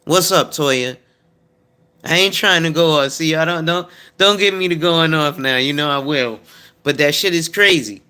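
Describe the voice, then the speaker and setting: A man's voice: a little high, normal speed, pushed and bright, clean tone. A man in his thirties or forties, an insurance advisor hosting, who talks bluntly and profanely in a rambling casual monologue.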